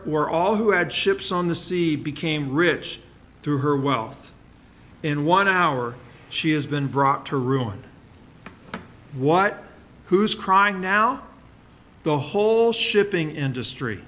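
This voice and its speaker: A man preaching a sermon, reading scripture dramatically and letting his voice fall to a hush on key words. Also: fairly high pitch. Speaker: pastor.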